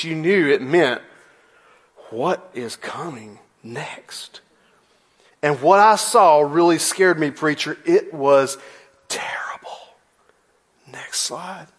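A man in his forties preaching a sermon in a church, telling a story with playful asides. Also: sits high. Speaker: pastor.

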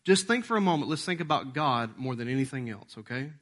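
Lively, bright-voiced pastor preaching. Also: male voice, mid-range voice, brisk. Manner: folksy, joking, animated preaching with acted-out voices. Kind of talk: sermon.

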